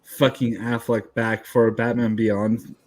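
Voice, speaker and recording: Blunt dude giving hot takes, swears casually, regular pitch. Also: male voice, flat delivery, unhurried, a little mellow. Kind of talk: casual podcast discussion.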